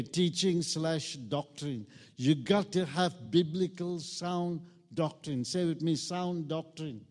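A man's voice: on the high side, darkish tone. Preaching man in a reverberant hall. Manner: call-and-response preaching, rising to emphatic peaks. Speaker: pastor. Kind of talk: sermon. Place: church hall.

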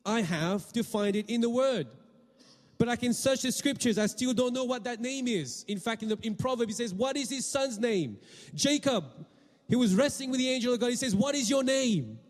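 High-voiced preacher man in a reverberant hall. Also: a little fast. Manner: questioning the congregation, repeating words. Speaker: pastor. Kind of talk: sermon.

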